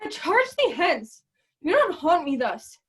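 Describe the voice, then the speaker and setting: Cold young nobleman played by a girl, curt and dismissive, high lively pitch. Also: measured pace, heavily acted. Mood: scornful. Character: cold, scornful young nobleman fleeing a suitor. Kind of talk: amateur student Shakespeare performance. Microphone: video call.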